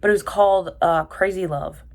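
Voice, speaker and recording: A young woman chats on her vlog in a casual, rambling way, drifting into tangents and restarting her sentences. Her voice sits low for a woman. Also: fairly even intonation, normal speed, vocal fry. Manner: chatty, tangent-prone, full of fillers and self-corrections. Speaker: vlogger reviewing TV dramas.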